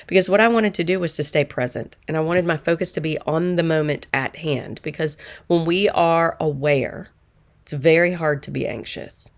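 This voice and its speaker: A middle-aged woman with a notably low voice tells a personal story in a calm, earnest way. She sounds reflective, like a coach sharing something she learned. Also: moderate pace. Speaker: manifestation coach.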